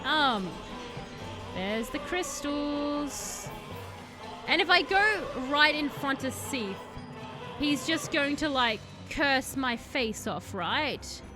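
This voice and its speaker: Extremely slow and high-pitched, a woman narrates her live-streamed video game in a casual way. She talks to the boss she's up against and lets out excited yells over the game music.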